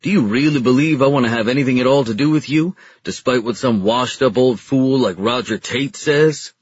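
A man with a husky voice voicing a stern, powerful federal agency chief in an audiobook who talks in a cold, cutting way. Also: mid-range voice, a little fast, dry recording, lo-fi sound, natural voice.

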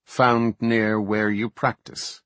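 A man's voice: fairly low pitch, flat delivery, slow pace, a bit bright, dry recording. A man voicing a stern, commanding elf archdruid. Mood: urgent. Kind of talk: audiobook character voice.

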